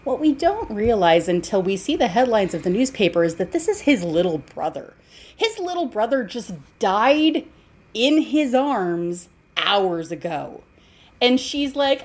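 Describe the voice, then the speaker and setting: A woman's voice: fairly high pitch, big pitch swings, a little slow. A woman co-hosting a podcast, chatting casually about an old film, laughing and incredulous. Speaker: podcast co-host.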